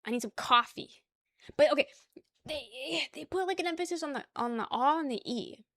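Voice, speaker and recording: A high, fairly quick female voice, recorded in studio quality without echo. The speaker is a young woman from the New York area who rambles casually on her stream, laughs often, and reads her chat aloud.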